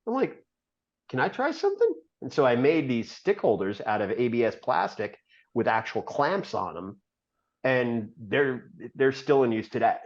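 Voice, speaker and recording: A man's voice: medium pitch, lively intonation, normal speed. Chatty man telling a long story, lo-fi. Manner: rambling, filler-heavy, laughs often mid-story. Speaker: podcast guest. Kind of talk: casual storytelling.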